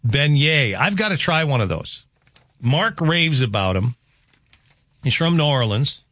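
A male morning radio host talks in a loose, rambling way and mocks himself. His voice swings lively up and down. The studio sound is close and dry. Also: a little slow, no room sound. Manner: rambling, self-mocking, animated with pitch jumps. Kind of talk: casual radio chat. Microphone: studio microphone.

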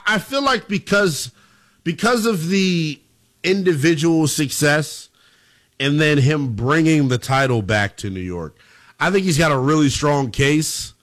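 Male sports radio host, chummy with callers, lively swooping pitch, slightly high voice. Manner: chummy, calls callers brother and pal.

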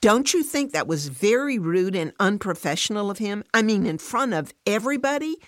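A woman's voice: on the low side, animated, a little slow, no echo, voice pushed up. A woman voicing a defensive working mother who is easily upset and close to tears. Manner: indignant, near tears.

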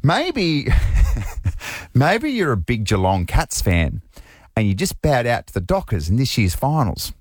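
An Australian man hosts a breakfast radio show with lively banter and frequent laughs. His pitch swings widely and the sound is close and dry. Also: unhurried, no echo. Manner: lively, animated, laughs often. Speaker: radio host.

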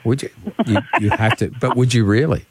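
A man's voice: mid-range voice, fairly even intonation, fairly quick, slightly rough, dry recording. A man hosting breakfast radio, teasing a caller and laughing often. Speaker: radio host.

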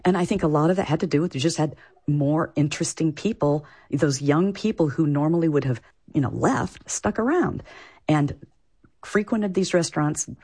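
A woman's voice: low voice, moderate pace, mellow, slightly rough. A woman from Iowa, a food writer, answering interview questions in a chatty way with many fillers. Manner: chatty, lots of "you know" fillers.

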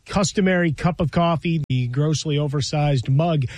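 A man co-hosting a sports radio show, talking in a relaxed, wry way with fillers. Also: a little high, normal speed, dry recording. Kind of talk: casual sports radio chat.

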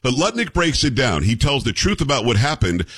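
A man hosting a talk show, animated and opinionated, often repeating words as he starts a sentence, in a general American accent. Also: mid-range voice, brisk, husky. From New York. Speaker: radio and podcast host. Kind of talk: casual talk show banter and commentary.

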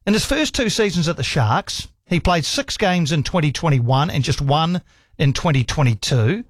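A man's voice: fairly high pitch, expressive, normal speed, no echo, clean studio sound. A man hosting a sports radio call-in show, enthusiastic, laughing often and reeling off stats. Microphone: studio microphone.

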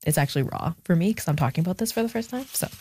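A woman's voice: lowish voice, lively intonation, racing, dark tone, slight background noise. A young adult woman speaking as an interview guest, reflective and thoughtful, with many fillers and moments of emotion. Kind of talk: casual interview conversation.

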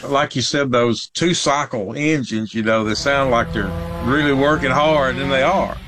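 A man's voice: mid-range voice, moderate pace, noisy background. A man, joking easily in casual chat.

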